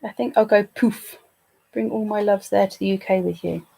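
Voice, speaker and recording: A woman's voice: mid-range voice, fairly even intonation, moderate pace, gravelly, dark tone, breathy edge. A British woman hosting a casual live stream, chatting playfully with her viewers. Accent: British English. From England.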